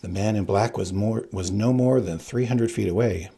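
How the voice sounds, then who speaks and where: Man, audiobook reader, raspy, gravelly, animated delivery, low voice. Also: moderate pace. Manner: expressive, animated storytelling. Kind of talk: audiobook narration.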